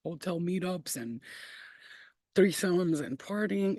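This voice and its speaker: A woman's voice: on the low side, normal speed, darkish tone, no room sound. A woman in her thirties hosting a livestream, telling blunt, profane stories to her chat and laughing often. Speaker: livestream host. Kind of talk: casual storytelling to live chat.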